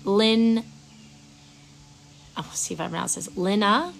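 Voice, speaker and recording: A woman hosting a live Reiki session outdoors. She chats with viewers, stumbles over their names, then gives soft, slow breathing cues. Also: medium pitch, gravelly. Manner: chatty, reads viewers' names aloud and fumbles them. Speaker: Reiki practitioner and stream host. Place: outdoors at sunrise.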